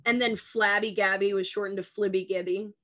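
A woman's voice: medium pitch, fairly even intonation, a little fast, fairly bright tone. A woman in her twenties co-hosting a podcast, chatting casually and rambling playfully through goofy tangents. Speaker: podcast co-host. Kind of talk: casual comedic chat.

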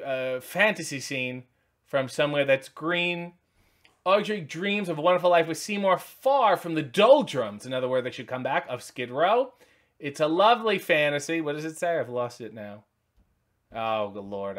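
A man's voice: medium pitch, a bit bright. A man in his forties hosting a casual unboxing video, rambling with wry jokes and many asides. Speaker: channel host.

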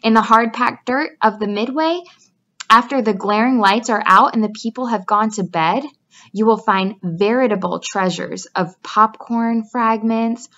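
A woman's voice: a little high, a little slow, fairly bright tone. A woman playing an old coaxing sheep. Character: old knowing female sheep. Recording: dull lo-fi recording.

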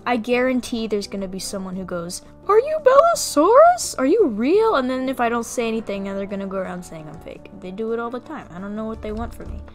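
A young woman giving casual, playful commentary as she plays a game, excitable and full of gasps and mock panic. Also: medium pitch, fast talker, hardly any pauses, faint music behind. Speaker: gaming video creator.

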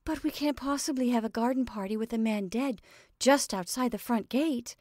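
A woman's voice: on the high side, moderate pace, a little mellow, dry recording, studio quality, voice pushed up, natural voice. A woman reading aloud, voicing an upset young woman who pleads breathlessly. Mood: pleading, upset.

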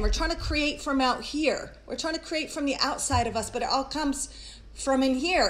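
A woman's voice: high voice, rough recording. A woman hosting a live-streamed spiritual talk, speaking earnestly in long, flowing strings of repeated phrases and calling her viewers guys. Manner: earnest and heartfelt.

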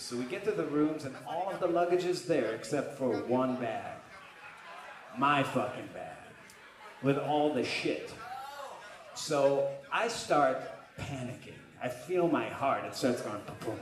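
A man in a band telling a profane, animated story from the stage between songs at a live concert. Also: medium pitch. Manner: profane, animated anecdote with acted-out quotes. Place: live music venue stage. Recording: echoey live room sound.

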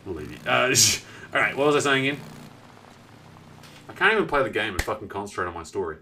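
Bright-voiced southern New Zealand man streaming. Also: lowish voice, animated, fairly quick, a little hiss or hum. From South Island, New Zealand. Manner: rambling, chatty, greets viewers mid-story, swears casually. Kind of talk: casual live-stream chat while gaming.

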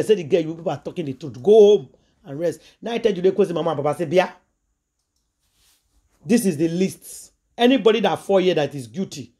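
A woman's voice: fairly low pitch, darkish tone, husky. A woman with a Nigerian accent, a vlogger telling a story to her followers in an emphatic way and acting out the quoted voices.

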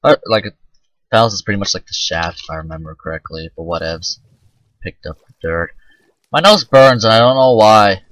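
A man's voice: lowish voice, animated, moderate pace, a bit bright, no room sound, poor audio. A man casually commenting on his own gameplay, rambling and self-mocking and swearing often. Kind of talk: casual let's-play commentary.

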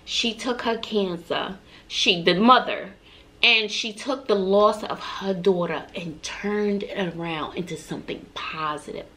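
A woman's voice: mid-range voice, unhurried, sharp tone. Earnest middle-aged woman vlogger. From Texas, US. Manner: earnest, emotional, chatty, addresses viewers directly. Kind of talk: heartfelt motivational storytelling.

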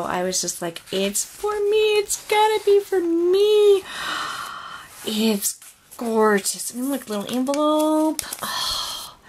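A woman's voice: fairly high pitch, a little hiss or hum. A woman opening a craft swap package on video, gushing and gasping with delight at each item. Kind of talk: unboxing vlog.

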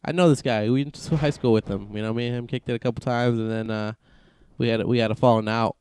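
A young man commentating his own wrestling video game, excitable and joking, swearing often. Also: mid-range voice, quick pace, clear, resonant tone. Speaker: gaming channel host. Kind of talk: casual gameplay commentary.

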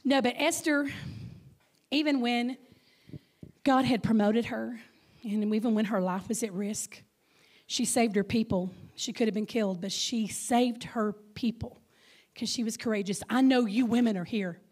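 Lively Texan woman preaching. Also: a little high, a little slow. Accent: Texas. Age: 50s. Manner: lively, playful, calls out questions to the congregation. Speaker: guest speaker. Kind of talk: Mother's Day sermon with audience call-and-response.

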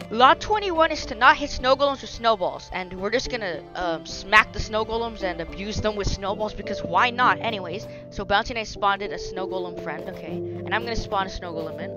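A woman hosting a gameplay video, chatting casually and crying out in excitement whenever danger strikes. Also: medium pitch, rough recording. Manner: excitable, yelps and cries of no at danger. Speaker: gaming video host. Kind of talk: casual Minecraft gameplay commentary.

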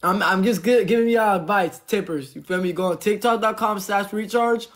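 A young man chats on a live stream in a high, light voice. He rattles off quick shout-outs and plugs for gifts to his viewers, keeping the talk loose and casual. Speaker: livestreamer. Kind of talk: casual livestream chat.

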